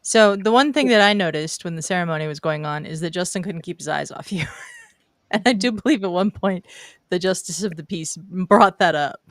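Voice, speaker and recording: A woman's voice: on the low side, a little fast, no room sound, clean studio sound. A woman hosting a casual talk show, giving short affirming replies and reading out viewer comments. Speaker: host. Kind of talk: casual chat.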